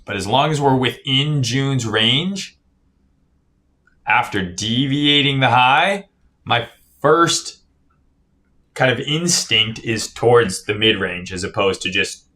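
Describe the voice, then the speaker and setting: A tired, yawning man streams casual crypto chart analysis, swearing loosely, reading viewer comments aloud, and often tacking on "right?". His voice is lowish with a sharp tone.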